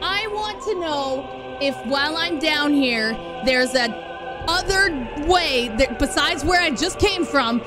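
A high-voiced woman livestreaming a game, chatty and expressive as she talks to her viewers. She swings between gushing and grumbling, and game music plays clearly behind her. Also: slow pace. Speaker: streamer. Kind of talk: live game streaming commentary.

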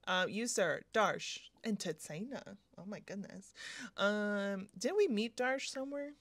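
A woman's voice: mid-range voice, lively intonation, unhurried, fairly bright tone, no room sound. A young woman giving casual, chatty commentary on her own game play, often laughing and gasping as she goes. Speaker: gaming youtuber.

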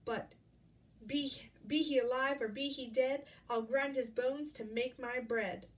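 A woman voicing a big, scary, hungry male giant in a storybook reading, chanting with slow menace. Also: high voice, fairly even intonation. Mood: menacing. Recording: distant mic, faint ambience.

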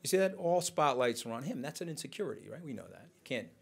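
A man speaking as a guest on a conference stage, telling lively anecdotes and acting out what others said. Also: mid-range voice, fast, vocal fry, slightly rough. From United States. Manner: animated, acting out quotes in other voices. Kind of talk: onstage storytelling conversation.

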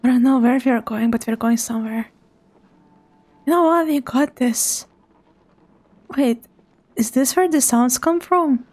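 A woman's voice: high voice, measured pace, long pauses, darkish tone. A woman streamer giving live commentary on a horror game, talking to her chat and dropping to a whisper when she gets scared.

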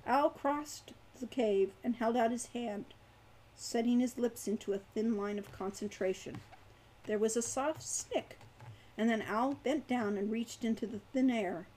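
Woman, author reading a novel aloud, measured, expressive, fairly high voice. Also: poor audio.

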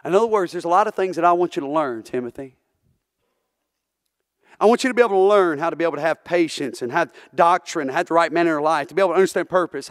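A male preacher, preaching a church sermon in a slightly high voice. He asks his listeners one question after another and builds into fervent delivery. The sound is dry, with almost no room echo. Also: quick pace. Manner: earnest, rhetorical questions, swells into fervent preaching. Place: church sanctuary.

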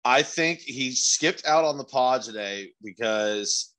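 Animated bright young podcast co-host. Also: male voice, mid-range voice, slow, rough recording. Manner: animated storyteller, exasperated and profane. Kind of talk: casual podcast banter.

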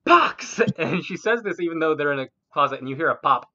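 A woman's voice: deep voice, quick pace, pushed and bright. A woman narrating as game master in a casual, laughing, sometimes swearing way. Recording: muffled lo-fi audio.

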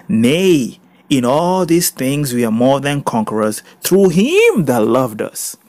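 Husky-voiced male pastor preaching. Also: mid-range voice, no room sound. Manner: emphatic, swinging from soft reading to loud exclaiming. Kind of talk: sermon with scripture reading.

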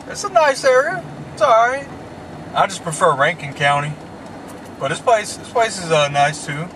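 Folksy southern guy chatting while he drives, a bit high voice, loud road noise. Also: sing-song, measured pace, long pauses. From Mississippi. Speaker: vlog host. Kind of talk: casual chat while driving. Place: inside a car driving through town. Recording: road noise from a moving car.

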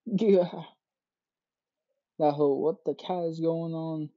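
A gaming YouTuber reading out game dialogue for many characters in quick succession, sometimes exclaiming. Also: mid-range voice, steady tone, no room sound, lo-fi sound. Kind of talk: game playthrough with read-aloud dialogue.

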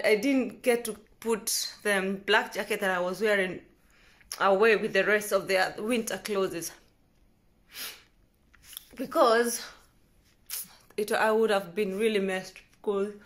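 A woman from Kenya chatting casually to the camera at home in a vlog, rambling and correcting herself, often trailing off softly. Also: medium pitch. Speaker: vlogger. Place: at home indoors.

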